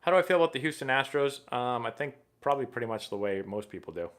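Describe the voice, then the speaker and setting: Easygoing guy in his 30s, chatting through viewer questions on a live stream, mid pitch. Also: quick pace. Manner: relaxed, chatty, reads viewer questions aloud. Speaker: livestream host and former pro baseball player. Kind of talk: casual live Q&A chat.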